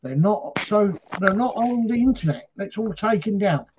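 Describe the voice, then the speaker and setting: A man's voice: high-pitched, expressive, normal speed, darkish tone, slightly rough, dull audio. A man from Britain hosting a paranormal chat show, telling stories in a rambling, casual way with lots of fillers.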